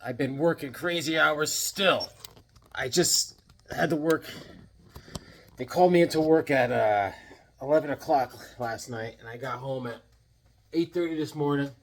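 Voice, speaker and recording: A man's voice: on the high side, unhurried, long pauses, slight background noise. A tired man hosting a comic collecting channel from his home comic room, telling stories in a jokey, rambling way. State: tired from lack of sleep. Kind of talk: casual rambling storytelling.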